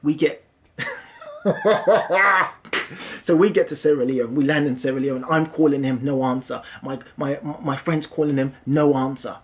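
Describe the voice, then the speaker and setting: A young English man, a property investor and channel host, telling a story for his vlog in an animated, self-mocking way. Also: on the high side, a little slow. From England.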